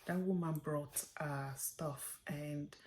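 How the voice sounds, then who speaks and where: A woman gives a heartfelt memorial tribute to her mother. She speaks earnestly and sometimes drops to a soft whisper. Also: low-pitched, steady tone, takes it slowly, slight background noise. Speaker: daughter giving a tribute.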